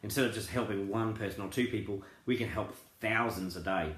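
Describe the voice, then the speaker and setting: A man's voice: fairly low pitch, brisk, fairly bright tone. Rambling earnest man in a roomy echo. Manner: rambling, earnest, many fillers and restarts. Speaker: crypto group founder. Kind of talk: casual promotional talk.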